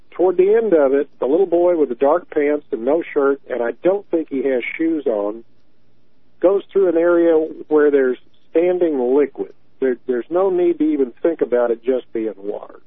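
A Tennessee man in his early sixties calls in to a radio show and talks earnestly, often repeating words to make his point. His voice is a little high and comes through a tinny, dry phone line with no echo.

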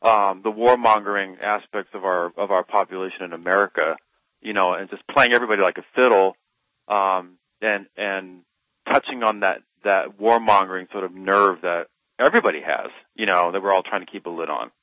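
A man discussing on a radio program, stopping and restarting as he searches for words. His voice is fairly low. The recording is dry and a little dull. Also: no room sound. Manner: halting, full of fillers and restarts.

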